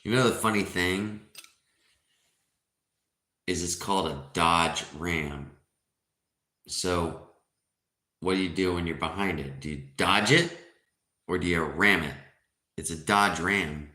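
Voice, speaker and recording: A man in his forties chatting loosely on a livestream, cracking jokes and answering chat. His voice sits very low. The room adds a noticeable echo. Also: slow pace, pauses often, pushed and bright. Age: 40s. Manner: joking, chatty, reading chat aloud. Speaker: livestream host. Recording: roomy echo.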